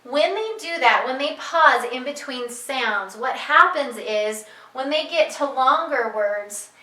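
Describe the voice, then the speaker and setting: A woman's voice: high voice, expressive, slow, sharp tone, echoey room, distant mic, poor audio. A woman who teaches reading, explaining to parents how to guide their child, patient and repeating her key points. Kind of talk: instructional talk to parents.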